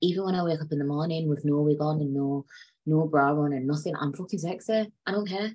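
Husky-voiced woman ranting on her podcast. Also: low-pitched, a little fast. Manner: profane, emphatic and repetitive; swings between loud outbursts and quiet asides. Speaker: podcast host. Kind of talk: solo podcast rant.

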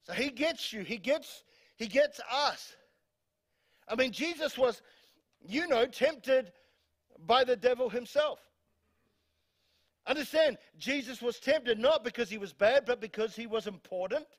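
New Zealand male pastor, higher voice, emphatic sermon delivery, repeats himself, jokes with the congregation. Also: expressive, a little slow, pauses often. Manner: emphatic, repeats words, reads scripture aloud, jokes with congregation. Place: church hall.

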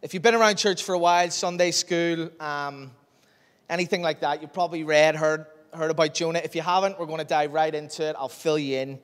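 A man preaches in a church hall, telling stories with animated energy and acting out every line of dialogue. His voice sits a little high, and a long reverb trails behind it. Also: brisk, clean tone. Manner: lively, animated storyteller who acts out dialogue. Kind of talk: storytelling sermon.

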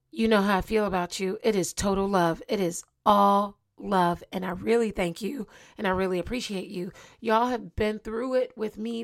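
A woman's voice: medium pitch, creaky. A young adult woman hosting her own podcast, talking casually to listeners, asking them questions and laughing often. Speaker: podcast host. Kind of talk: casual solo podcast monologue.

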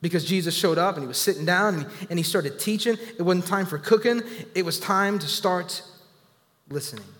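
A male pastor in his thirties preaches with a high, ringing voice. He jumps from quiet asides to loud, emphatic lines. The sound carries a long hall reverb. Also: a little fast. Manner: preaching with sudden rises and drops in volume; acts out whiny quoted voices of people. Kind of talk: sermon.

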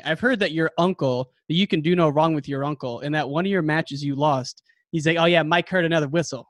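A man hosting a casual interview, upbeat and quick to laugh. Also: a little high, no room sound, studio quality. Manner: upbeat, laughs easily, calls guest man and dude. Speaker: podcast host.

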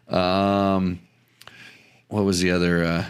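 A man hosting a casual podcast, talking in a rambling, halting way with many restarts. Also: low-pitched, clear, resonant tone. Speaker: podcast host. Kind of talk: casual chat about motorcycles.

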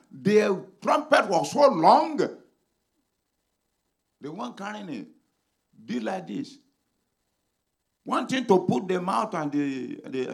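A man preaching a sermon as a pastor, swinging dramatically between shouted lines and hushed ones. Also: high voice, gravelly.

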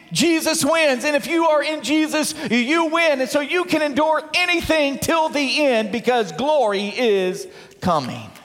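A man preaching a sermon as pastor, loud and emphatic, reading scripture and praying with a congregation. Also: extremely high pitch. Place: church sanctuary. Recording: long hall reverb.

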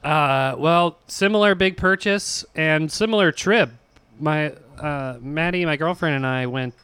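Bright-voiced joking male podcast host. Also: a little high, a little slow, clean tone, no echo. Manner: joking, playful. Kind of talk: casual chat.

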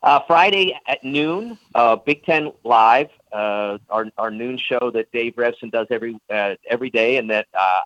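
Measured male columnist on a call-in line. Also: mid-range voice, fairly bright tone, no echo, muffled recording. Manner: measured, with frequent fillers. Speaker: sports columnist guest. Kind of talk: radio interview.

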